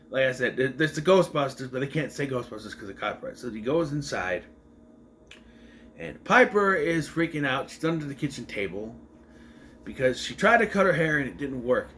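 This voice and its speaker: A man's voice: medium pitch, sing-song, normal speed, long pauses, a bit bright, a little hiss or hum. A young man reviewing a TV episode in a casual, meandering way, often correcting himself as he talks. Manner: meandering, self-correcting, chatty. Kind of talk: casual rambling recap.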